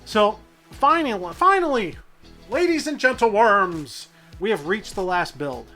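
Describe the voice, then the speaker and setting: Man doing a pompous british-sounding luxury announcer, raised pitch, slow drawn-out words, showy. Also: sing-song, pushed and bright, faint music behind, exaggerated voice. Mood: grandiose. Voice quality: grand, drawn-out showman delivery.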